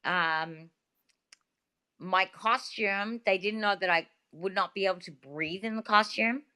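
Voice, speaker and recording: An Australian woman with a bright, forceful voice tells stories as a guest on a video call. She talks in a chatty, animated way and leans on plenty of fillers. Her pitch sits at an ordinary middle height. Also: a little slow, smooth. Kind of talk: casual interview talk.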